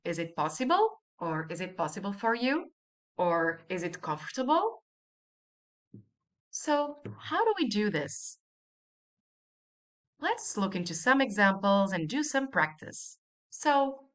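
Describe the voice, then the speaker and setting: A woman's voice: medium pitch, a bit bright. A woman teaching a language lesson, patiently repeating each example and asking the listener to say it after her.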